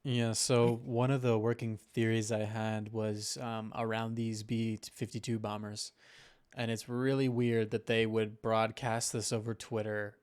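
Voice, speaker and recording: A man's voice: on the low side, little pitch movement, measured pace, darkish tone, smooth. A man co-hosting a podcast, casually talking through political theories with many fillers and laughing at his own points. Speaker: podcast co-host.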